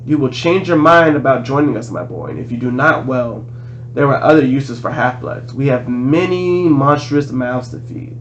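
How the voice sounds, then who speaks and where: A man reading aloud, voicing a monster posing as a male teacher, slow and sinister. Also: mid-range voice, dull audio, a little hiss or hum, close to an everyday voice. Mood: menacing.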